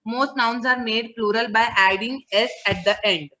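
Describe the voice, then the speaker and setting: Speaking at a moderate pace in a fairly high voice that sounds pushed and bright, an English teacher runs an online class, patiently repeating words and checking comprehension. There's slight background noise, and the video-call audio is muffled.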